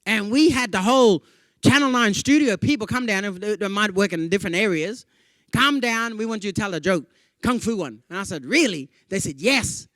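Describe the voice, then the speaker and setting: A man with an Australian accent giving a comedy keynote, telling animated stories and slipping into playful voices for the people he quotes. He talks in a chatty way, with lots of "yeah?" and "you know". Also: sits high, a little fast, no echo, studio quality. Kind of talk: stand-up comedy storytelling to a live audience.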